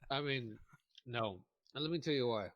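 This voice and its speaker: A man's voice: medium pitch, moderate pace, no room sound, highs cut off. A young man co-hosting a podcast, telling a long story in casual chat, rambling with lots of fillers and restarts while eating. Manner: eats while talking. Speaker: podcast co-host.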